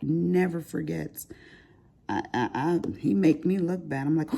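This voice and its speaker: Speaking a little slowly in a low, creaky, warm voice, a grandmother crafts on camera and chats casually with her viewers. She rambles and laughs at her own side remarks.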